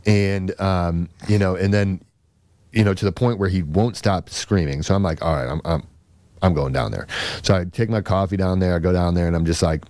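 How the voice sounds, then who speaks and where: Low-voiced male podcast host, rambling casual storyteller, dry close sound. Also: fairly even intonation, normal speed, a little mellow, smooth, no room sound. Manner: rambling, lots of fillers and restarts.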